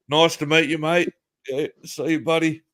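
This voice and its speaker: A man's voice: a little high, flat delivery, measured pace, a bit bright. A man telling a crude, profanity-heavy story in casual chat, laughing along as he goes. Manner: crude, swears a lot, laughs while telling. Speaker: podcast host telling a story.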